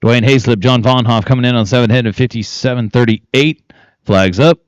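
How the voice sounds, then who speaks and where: A man's voice: mid-range voice, normal speed, clear, resonant tone, no echo. A man announcing a team penning competition, calling out teams, times and cattle numbers. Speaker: arena announcer. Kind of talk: live event announcing.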